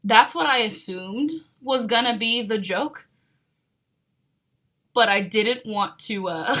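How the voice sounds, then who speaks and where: A woman's voice: mid-range voice, slow, pushed and bright. A woman streamer chatting casually as she reacts to music, giggling often and full of questions.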